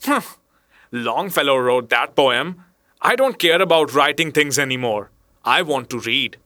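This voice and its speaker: A man's voice: medium pitch, animated, unhurried, bright, forceful tone, no echo, studio quality. A man voicing a dreamy, moody young male clerk who speaks abstractedly and turns snappish. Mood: irritable.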